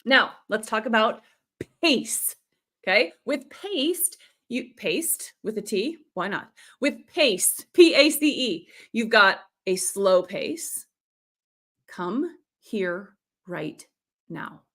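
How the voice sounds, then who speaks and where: Animated woman coaching storytelling live. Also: fairly high pitch, slow pace. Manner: animated, demonstrates voices and reads out comments. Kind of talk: live-streamed training.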